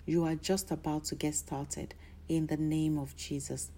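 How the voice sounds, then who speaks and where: A woman's voice: low-pitched, level tone, measured pace, warm tone, slight background noise. A woman preaching a sermon in a declarative style, building to emphatic bursts.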